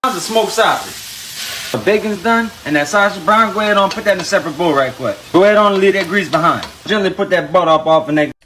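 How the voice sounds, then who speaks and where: A man's voice: high voice, animated, fast talker, sharp tone, a little hiss or hum. A man calling out the steps of a cooking video in a folksy way, talking straight to the viewers. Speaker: home cook.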